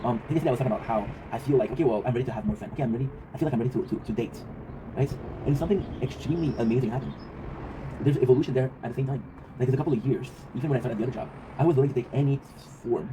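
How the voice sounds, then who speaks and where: Rapid-talking man, rambling vlog monologue. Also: medium pitch. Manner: rambling, reflective, swears freely, often tags "right?". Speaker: vlog host. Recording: noisy ambient background.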